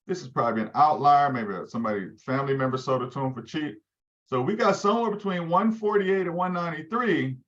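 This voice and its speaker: Animated man teaching agents. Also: fairly high pitch, muffled recording. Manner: animated, quizzing listeners. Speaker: real estate team leader teaching agents. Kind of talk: live training session.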